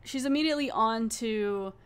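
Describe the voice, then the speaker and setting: A woman's voice: a little high, normal speed, clear, resonant tone. A woman hosting a podcast who recaps a TV episode in a casual, chatty way, laughing and mockingly acting out the characters' lines. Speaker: podcast host.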